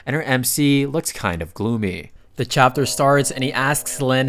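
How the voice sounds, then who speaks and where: Chatty man narrating a comic recap. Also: medium pitch. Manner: chatty, excitable asides.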